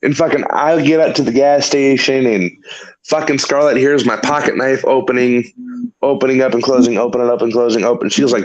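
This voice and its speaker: A man's voice: mid-range voice, steady tone, brisk, muffled recording. A man hosting a talk show, telling a long story in casual, rambling chat full of swearing. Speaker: podcast host.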